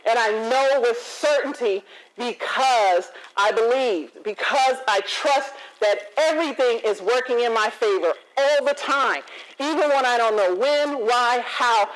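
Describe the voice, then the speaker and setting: Woman confidence coach, keynote storyteller, lively and expressive. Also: fairly high pitch, poor audio. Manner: animated, acts out dialogue, laughs often. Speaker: motivational speaker and confidence coach.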